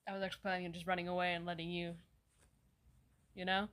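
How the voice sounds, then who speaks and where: A woman performing a comedy sketch, voicing several characters in sarcastic, deadpan banter with casual swearing. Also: lowish voice, fast, smooth.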